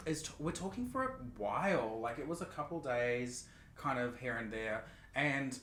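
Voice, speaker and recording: A man's voice: mid-range voice, fairly bright tone. A young man co-hosting a podcast, telling a story in a dramatic, profane way. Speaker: podcast co-host. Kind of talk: casual podcast chat. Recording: echoey room with faint noise.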